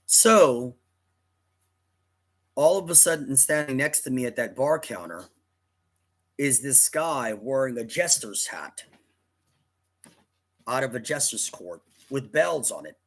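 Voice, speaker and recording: A man's voice: medium pitch, big pitch swings, takes it slowly, pauses often, fairly bright tone. A man telling a personal story in a rambling, dramatic way, often correcting himself mid-sentence.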